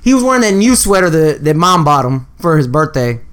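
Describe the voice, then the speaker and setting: A young man from the Houston area co-hosts a loose, casual chat and tells a story. He swears freely and acts out his own lines with a somewhat high voice that leaps up when he quotes himself yelling. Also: brisk, clear, resonant tone. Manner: profane, animated storyteller, acts out quotes loudly. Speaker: podcast co-host.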